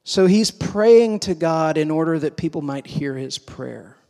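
A man preaching a sermon, moving between hushed, slow passages and emphatic, raised ones. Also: on the high side, lively intonation, vocal fry. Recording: long hall reverb.

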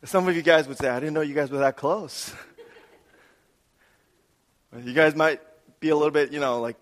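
Pastor preaching in an echoing hall. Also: male voice, fairly high pitch, steady tone, moderate pace, long pauses. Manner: dramatic swings between loud emphatic and soft hushed delivery. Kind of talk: sermon.

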